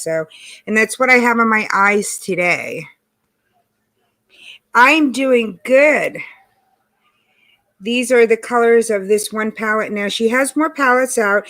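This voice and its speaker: Woman, hoarse voice, casual livestream host, chatty, greets viewers. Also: a little high, a bit bright. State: hoarse from allergies and cold. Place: home in Texas.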